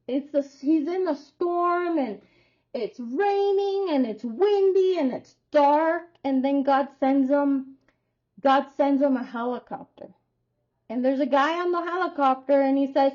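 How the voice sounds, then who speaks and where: Woman with a high voice doing a chatty tarot reading, slow and rambly, kinda muffled audio. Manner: chatty, rambling, expressive storytelling. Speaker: tarot reader. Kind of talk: casual tarot reading to viewers.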